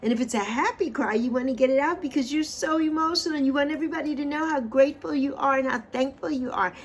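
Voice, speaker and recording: A woman in her sixties hosting a spiritual livestream, giving an uplifting tarot card reading and chat, repeating phrases and stretching words for emphasis. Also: slight background noise. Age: 60s. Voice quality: expressive, swings pitch and loudness for emphasis. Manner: repeats phrases, drawn-out affirmations.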